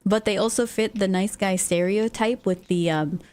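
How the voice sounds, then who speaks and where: A woman talks casually to her live-stream audience in a medium-pitched voice. She is chatty and answers her viewers' comments as she goes. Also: moderate pace, a little mellow. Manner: chatty, reacts to chat messages. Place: lives in the United States.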